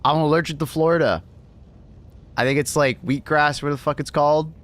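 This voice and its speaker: A man's voice: a little high, steady tone, fairly quick, a bit bright. A man hosting a livestream in casual chat, laughing often and swearing loosely as he reads messages.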